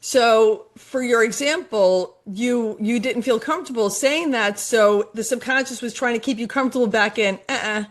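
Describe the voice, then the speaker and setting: A middle-aged woman with a fairly high voice, speaking as a guest coach in a podcast interview. She talks earnestly and emphatically and circles back to repeat her key points. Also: moderate pace, few pauses. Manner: earnest, repetitive, emphatic about affirmations.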